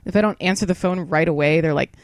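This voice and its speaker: A woman's voice: lowish voice, fast talker, no echo, clean studio sound. Tipsy, swearing young woman co-host. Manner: rambling, swears freely, laughs often. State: tipsy from wine. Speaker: podcast co-host. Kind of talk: casual chat.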